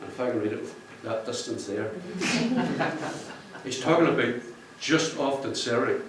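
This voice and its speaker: A man's voice: mid-range voice, expressive, unhurried. A man talks to a roomful of people. He rambles and jokes, and he laughs at his own jokes. He is picked up from a distance in a heavily reverberant room with a faint hum of ambience behind him. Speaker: book cover artist speaking at a launch. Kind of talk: public speech to an audience. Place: function room with an audience. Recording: echoey room, distant mic.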